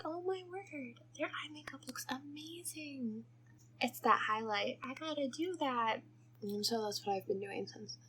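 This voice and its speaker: A woman's voice: on the high side, background noise. A young woman chatting through a makeup tutorial, rambling off topic and giggling as she goes. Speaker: makeup vlogger. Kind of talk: casual makeup tutorial chat.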